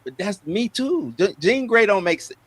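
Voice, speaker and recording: A man co-hosting a casual entertainment news chat, lively and argumentative. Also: high voice, normal speed, breathy edge. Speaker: podcast co-host.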